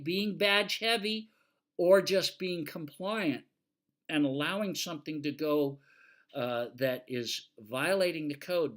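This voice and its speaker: Bright-voiced older man lecturing folksily. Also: a little high. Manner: folksy, anecdotal, with many fillers. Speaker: retired fire engineer and instructor. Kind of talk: casual lecture.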